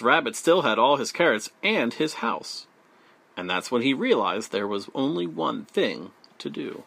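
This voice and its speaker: A man reads a children's storybook aloud, slowly and with great expression. His voice is bright and clear, and it rises and falls widely. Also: medium pitch. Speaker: storybook reader. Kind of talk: children's audiobook read-aloud.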